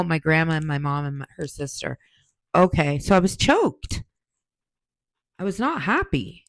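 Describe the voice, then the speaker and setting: A woman's voice: deep voice, very animated, unhurried, long pauses, no echo. Blunt, profane woman in her forties. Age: 40s. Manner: blunt, profane, heated storytelling. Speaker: podcast host. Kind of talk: casual monologue answering questions.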